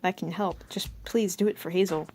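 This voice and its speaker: A woman reading aloud the lines of an earnest teenage girl spellcaster from her old story, in a plain, flat read-aloud voice. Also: on the low side, fairly quick, soft background music, lightly acted. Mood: pleading.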